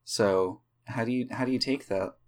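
A man's voice: medium pitch, normal speed. A man running a tabletop game as game master, narrating loosely with many fillers. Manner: relaxed, hesitant with fillers.

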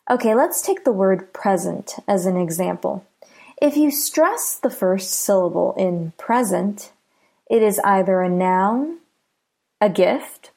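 Woman, American accent, patient pronunciation teacher; very slow, gravelly voice. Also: mid-range voice, a little mellow. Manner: patient, repeats each word slowly. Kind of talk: slow, clear pronunciation lesson.

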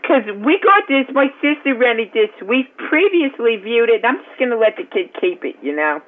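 A woman playing a foul-mouthed, frazzled mother on a prank phone call, yelling and cursing as she scolds. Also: fairly high pitch, animated, moderate pace, lightly acted. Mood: scolding. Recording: tinny noisy phone line.

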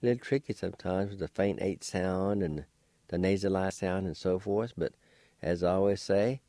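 A deep-voiced man gives a radio language lesson, sounding each syllable out with careful patience. His tone is warm and mellow, and the recording is dry and close. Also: no room sound. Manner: slow, deliberate, spells out syllables. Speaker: language teacher and radio host.

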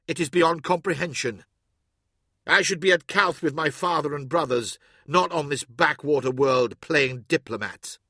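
A man's voice: fairly high pitch, bright, forceful tone, no echo, studio quality, exaggerated voice. A man voicing a stern, proud armored warrior who speaks in clipped, commanding lines. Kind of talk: audiobook character voice.

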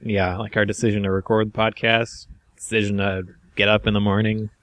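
Man, low voice, deadpan, dry close sound, podcast co-host. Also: fairly quick, no echo. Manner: dry, deadpan one-liners. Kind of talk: casual banter.

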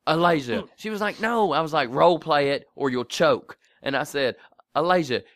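A man's voice: on the high side, normal speed, no echo. A man co-hosting a podcast, telling a story in casual chat and acting out the voices of the people in it, laughing often. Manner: animated, acts out voices in stories, laughs often. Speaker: podcast co-host.

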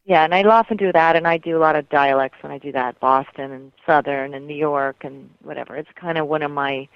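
A woman's voice: sits low, fairly even intonation, fairly quick, clear, resonant tone, no echo. Thoughtful woman on a dull lo-fi line. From Colorado, USA. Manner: thoughtful, trails off and restarts. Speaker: voice actress guest. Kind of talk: casual interview talk. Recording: dull lo-fi sound.

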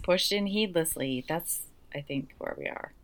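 Mumbling low-voiced woman chatting. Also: unhurried, crowd noise. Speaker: co-host listener. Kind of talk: casual chat commentary.

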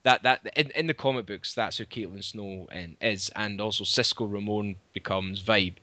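A man's voice: lowish voice, moderate pace, sharp tone, dry recording. A man, co-hosting a casual fan chat and often searching for words. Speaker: podcast co-host.

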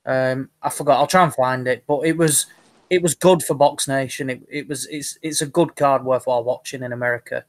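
A man's voice: mid-range voice, steady tone, fairly quick, dry recording. A man on a podcast panel talking hesitantly in casual chat, often searching for details.

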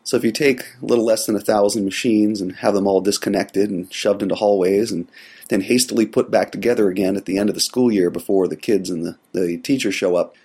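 A man hosting a solo tech podcast with a cold, his voice gravelly, talking in a relaxed, rambling way with many fillers. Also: on the low side, a little fast. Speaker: podcast host. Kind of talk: casual solo podcast monologue.

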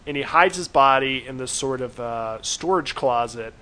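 A man's voice: mid-range voice, pushed and bright. A man co-hosting a horror review podcast, casually retelling an episode's plot and acting out the quoted lines. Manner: retells plot with quick asides, acts out quotes. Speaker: podcast co-host. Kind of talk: casual recap chat.

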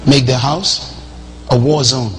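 A man's voice: mid-range voice, steady tone, takes it slowly, noisy background. A man preaching a sermon emphatically, calling on the congregation and asking them questions. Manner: emphatic, call-and-response, asks questions of the congregation.

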